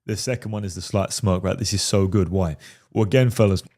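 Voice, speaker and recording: A man's voice: sits low, brisk, darkish tone. A man commenting on a film clip as a dating coach, emphatic and repeatedly checking in with "right?". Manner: emphatic, keeps asking "right?".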